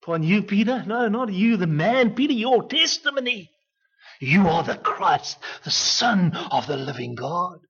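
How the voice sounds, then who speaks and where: A man preaching an expository sermon as pastor, emphatic, with dramatic swings between loud, pleading lines and hushed ones. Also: high voice, very animated, measured pace, slightly rough. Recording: dull lo-fi recording.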